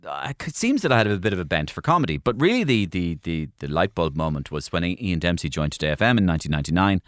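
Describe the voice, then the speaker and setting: A man, a comedian guest telling lively stories in a radio studio interview, often repeating phrases. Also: low voice, quick pace, no room sound. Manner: animated storyteller, repeats phrases.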